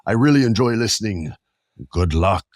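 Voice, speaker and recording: A man's voice: lowish voice, animated, moderate pace, dry recording, studio quality. A man putting on an old British man's accent, reading a listener's note in a knowingly bad, mock-formal voice. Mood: mock-solemn. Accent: put-on British.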